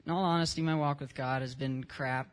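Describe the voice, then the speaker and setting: A man's voice: medium pitch, fairly even intonation, fairly quick. A young man in his teens giving a casual spoken testimony at a church service, telling his story in plain, unpolished words with some slang.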